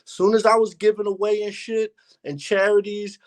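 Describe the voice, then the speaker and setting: A young man with a fairly high voice speaks as an interview guest. He talks in a candid, reflective way, full of street slang, as he looks back on his own experiences. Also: little pitch movement, normal speed. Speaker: battle rapper, interview guest. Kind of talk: casual conversation.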